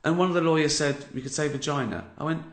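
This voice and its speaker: A comedian in his fifties with an English accent hosts a casual livestream, telling a sardonic story and swearing freely. His voice is a little high and he talks fast, picked up by a phone or laptop mic with roomy home audio.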